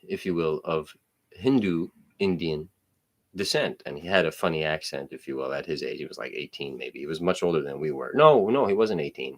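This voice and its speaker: Man, 30s, from New Jersey; blunt, profane storyteller, gravelly with a lively swing. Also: sits low. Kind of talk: casual storytelling.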